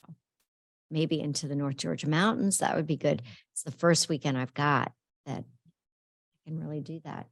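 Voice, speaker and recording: A woman with a low voice co-hosts a webinar. She chats playfully over a video call. The sound is dry and close to the mic. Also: steady tone, moderate pace, pauses often, dry recording. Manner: chatty and playful, teasing her colleague. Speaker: webinar co-host. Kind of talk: casual chat opening a webinar.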